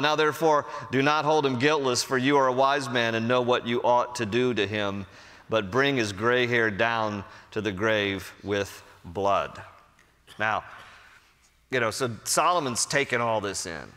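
A man's voice: mid-range voice, bright, forceful tone. A man with an American accent, a pastor preaching a conversational sermon who acts out the characters' lines. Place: large church sanctuary. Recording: long hall reverb.

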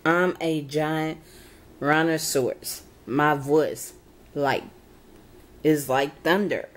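A woman voicing a cheerful, imaginative little boy as she reads a children's storybook aloud, with slow, low tones. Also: steady tone. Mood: playful.

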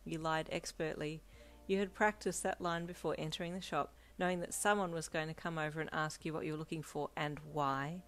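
Woman calmly reading second-person fanfic. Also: low-pitched, a little fast. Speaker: fanfiction narrator.

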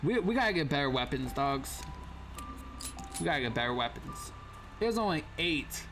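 Young male gamer, casual slangy commentary, slightly high voice, jumpy. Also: big pitch swings, moderate pace, over music. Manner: casual slangy talk, jumpy yelps when startled. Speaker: gaming channel host. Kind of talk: gameplay commentary.

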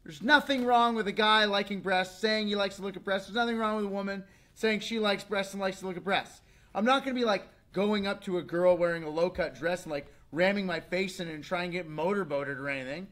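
A man in his thirties hosting a casual comedic rant, animated and slipping into mocking voices. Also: high-pitched, a little fast. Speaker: show host.

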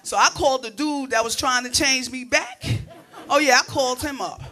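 A woman performing stand-up comedy on a club stage, telling animated stories that break into shrieks and laughter. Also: sits high, moderate pace, soft background music, a faint crowd.

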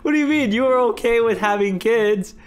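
A man's voice: very high-pitched, a little fast, clean tone, voice pushed up. A man voicing an exasperated young mother in a roleplay game, arguing with her husband in a raised, indignant tone.

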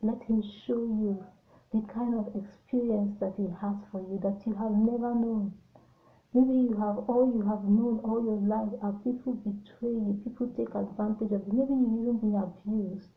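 Woman preacher, mid-pitched, earnest and personal, thin echoey phone-like audio. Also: fairly even intonation, moderate pace. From Nigeria. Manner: earnest, personal, repeats phrases. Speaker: ministry speaker. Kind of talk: devotional sermon.

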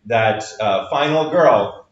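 A man's voice: medium pitch, animated, takes it slowly. Guy lecturing psych class, lots of uhs and ums, acts out quotes, echoey dull sound. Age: adult with children. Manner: explanatory, many fillers, acts out quotes. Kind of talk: recorded lecture. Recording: roomy lo-fi lecture recording.

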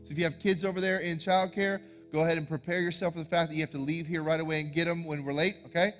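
A man, a pastor giving announcements and introducing a guest speaker in a church sanctuary, talking in an energetic, informal way. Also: a little high, fast talker, faint music behind.

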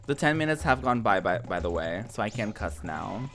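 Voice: mid-range voice, normal speed, few pauses, fairly bright tone. A streamer giving casual live commentary while playing a video game, exclaiming, laughing and swearing at the game. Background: game music.

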